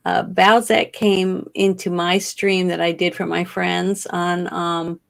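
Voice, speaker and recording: Gravelly low-voiced Southern woman. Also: little pitch movement, slow. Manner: chatty, laughs often. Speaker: co-host. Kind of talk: casual chat.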